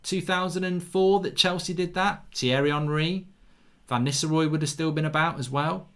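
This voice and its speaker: Excitable man hosting a football watchalong. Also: fairly high pitch, normal speed, clear, resonant tone. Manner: excitable, cheering goals, reading viewer comments aloud. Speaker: watchalong host. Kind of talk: live football watchalong commentary and chat.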